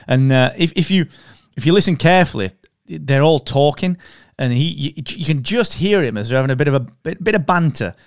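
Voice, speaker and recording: Enthusiastic male podcast co-host, smooth resonant voice, dry studio sound. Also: fairly high pitch, animated, brisk, few pauses, no echo. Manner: enthusiastic, says "mate" and "dude". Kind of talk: casual chat.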